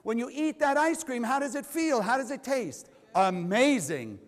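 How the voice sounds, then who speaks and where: High-voiced man teaching in a reverberant hall. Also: lively intonation, normal speed. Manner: questioning the audience, emphatic. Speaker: spiritual teacher. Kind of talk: spiritual lesson. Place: lecture hall.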